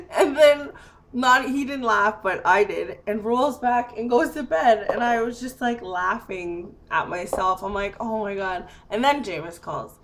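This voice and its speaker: A woman's voice: on the high side, measured pace, fairly bright tone, a little hiss or hum. A young woman casually telling a funny personal story, chatty and laughing often, with lots of fillers.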